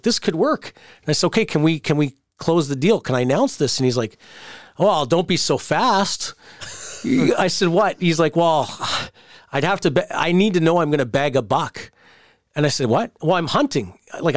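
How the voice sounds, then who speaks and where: A man hosting a wrestling podcast, telling stories in a casual, animated way and jumping into the voices of the people he quotes. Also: fairly high pitch, no echo, clean studio sound. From Canada. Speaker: podcast host, wrestling promoter. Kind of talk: casual storytelling chat.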